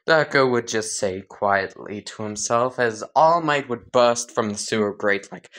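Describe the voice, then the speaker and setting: A woman's voice: very deep voice, unhurried, hardly any pauses, a bit bright. A woman casually narrating a crude, rambling comedic fan story.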